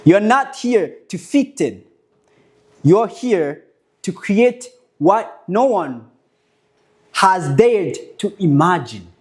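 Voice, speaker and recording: Young male speaker, fairly high-pitched, rhetorical and emphatic with occasional stumbles. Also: very animated. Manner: rhetorical, emphatic, with halting restarts. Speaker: conference speaker, movement founder. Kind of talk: impassioned motivational speech.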